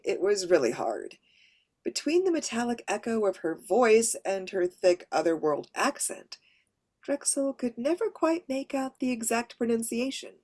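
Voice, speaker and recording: A woman's voice: fairly high pitch, very animated, measured pace, darkish tone. A woman who narrates audiobooks, giving a practical workshop presentation and explaining her points with examples. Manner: practical, explains with read-out examples, light laughs.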